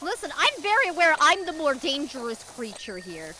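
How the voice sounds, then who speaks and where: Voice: sits high, very animated, moderate pace, bright, forceful tone, slight background noise, rough recording. A co-host on a live stream, talking bluntly and swearing freely in casual chat.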